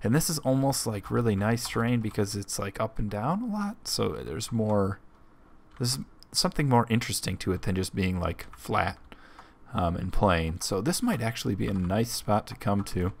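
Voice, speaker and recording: A young man talks through his game in a loose, rambling way, with lots of ums as he thinks out loud. His voice sits a little low and he is fighting the hiccups. Keys clatter on a keyboard behind him. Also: lively intonation, moderate pace, creaky, a little hiss or hum. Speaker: let's play host. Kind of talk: casual gameplay commentary.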